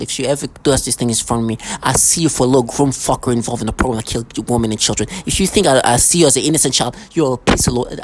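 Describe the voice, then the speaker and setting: Angry ranting monologue, threatening tone, repeated restarts, mid pitch, faint background noise. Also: rough recording.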